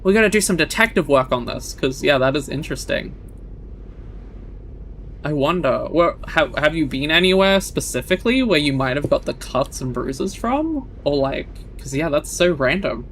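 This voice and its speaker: A young woman streaming a game and chatting casually with her viewers, bubbly and talkative, often trailing off with quick laughs. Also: sits low, expressive, a little hiss or hum. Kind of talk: casual live-stream chat.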